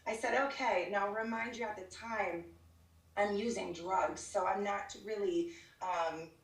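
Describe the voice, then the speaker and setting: A woman's voice: medium pitch, steady tone, unhurried. A woman guest on a live church show, telling her life testimony in an earnest, storytelling way with fillers and restarts. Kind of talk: casual spoken testimony. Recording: roomy sound from a distance over a call.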